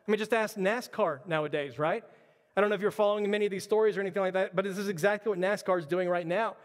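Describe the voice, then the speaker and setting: Impassioned high-voiced preacher in a hall. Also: male voice. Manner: impassioned, repetitive rhetorical questions. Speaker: pastor. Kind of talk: sermon.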